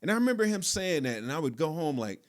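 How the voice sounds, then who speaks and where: Relaxed man telling a story. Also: on the high side, fast talker. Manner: relaxed, conversational, lots of fillers. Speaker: podcast host. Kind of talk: casual storytelling.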